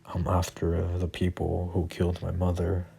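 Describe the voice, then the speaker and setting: A man voicing a kind, earnest teenage boy hero in a spoken fan story, soft and apologetic in manner. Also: low-pitched, completely flat delivery, normal speed, vocal fry, a little hiss or hum. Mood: urgent.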